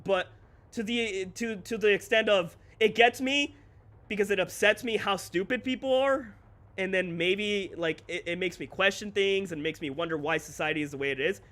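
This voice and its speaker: A man streaming live, chatting candidly with his viewers, ranting and swearing freely with quick laughs. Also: high-pitched, fairly bright tone. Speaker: streamer and content creator. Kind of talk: casual livestream chat.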